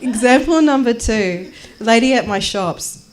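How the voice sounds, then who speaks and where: A woman's voice: medium pitch, animated, moderate pace, hardly any pauses, noisy background. Brash Australian woman doing stand-up. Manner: brash, jokey, acts out the people she quotes. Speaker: stand-up comedian. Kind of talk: stand-up comedy and spoken word. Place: small performance space.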